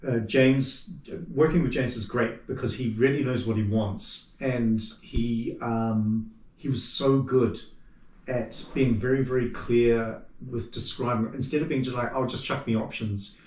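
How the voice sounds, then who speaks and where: A man with a New Zealand accent, a puppet maker chatting as the guest in an interview, telling stories lively and acting out what people said. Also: mid-range voice, a little slow. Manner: animated storyteller who acts out quoted remarks. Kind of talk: casual interview chat. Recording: roomy sound from a distant mic.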